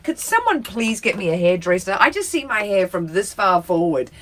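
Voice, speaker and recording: A woman's voice: mid-range voice, big pitch swings, normal speed, fairly bright tone. Chatty giggly New woman. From New Zealand. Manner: chatty, giggly, self-mocking. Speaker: co-host. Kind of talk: casual chat. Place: home.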